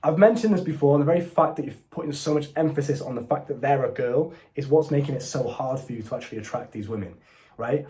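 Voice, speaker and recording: Slangy young man, mellow voice. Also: medium pitch, quick pace. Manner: casual slangy and blunt, addresses viewer as bro. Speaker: dating coach. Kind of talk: direct-to-camera advice talk. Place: indoors, seated before a camera.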